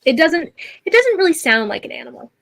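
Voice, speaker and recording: A woman's voice: very high-pitched, very animated, brisk, fairly bright tone. A woman narrating a tabletop game as game master, chatty and full of fillers. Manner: chatty, many fillers and restarts.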